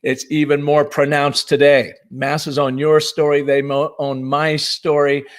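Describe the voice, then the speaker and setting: A man's voice: on the high side, completely flat delivery, unhurried. A man in his fifties giving an enthusiastic, punchy conference presentation on storytelling. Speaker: marketing speaker.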